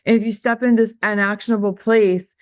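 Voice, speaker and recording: A woman's voice: medium pitch, fairly even intonation, brisk, no echo. Chatty, self-deprecating woman, dry sound. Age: older. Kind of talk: casual motivational talk on a group call.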